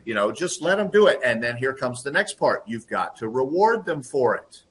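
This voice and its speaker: A man in a conversational interview, telling workplace stories and acting out quotes in lively voices. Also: medium pitch, normal speed. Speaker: guest, lean process consultant and trainer.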